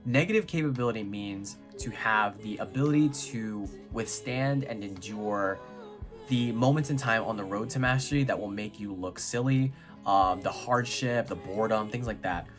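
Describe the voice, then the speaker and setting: A young American man from New York giving a casual, chatty book review, full of filler words and quick laughs. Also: lowish voice, music in the background.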